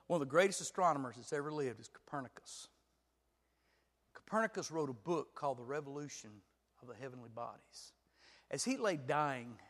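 A man preaching a sermon as pastor, moving from quiet storytelling to loud, shouted passages. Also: medium pitch, big-room sound.

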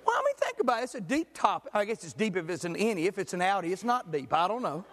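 High-voiced animated preacher. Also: male voice, fast, in a large hall. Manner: animated storytelling, jokes with the congregation. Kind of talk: sermon.

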